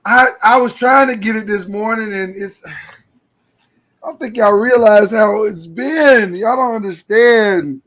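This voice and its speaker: A man with a high voice rants in an animated, joking way. He sounds worn out and tired, co-hosting a relaxed podcast chat. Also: measured pace, low-quality recording. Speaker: podcast co-host. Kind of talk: casual chat.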